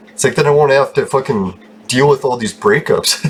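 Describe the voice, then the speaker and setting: A man's voice: mid-range voice, moderate pace, long pauses, a little hiss or hum. Man swearing and laughing over gameplay. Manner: laughs often, swears freely, rambling. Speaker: gaming channel host. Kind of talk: casual gameplay commentary.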